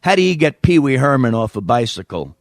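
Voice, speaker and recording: A man's voice: medium pitch, big pitch swings, brisk, no room sound, clean studio sound. Man putting on a sleazy New York caller. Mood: pushy. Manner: smarmy, pushy. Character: sleazy male caller who hits on a radio co-host.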